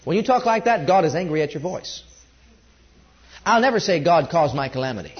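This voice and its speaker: A man preaching a sermon, rising loud on key points and dropping low when quoting scripture. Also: highs cut off.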